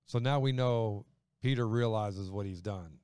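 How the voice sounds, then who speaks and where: A man's voice: lowish voice, unhurried, darkish tone, smooth, no room sound, clean studio sound. A man preaching a sermon in a conversational way, acting out quoted voices as he goes. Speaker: pastor.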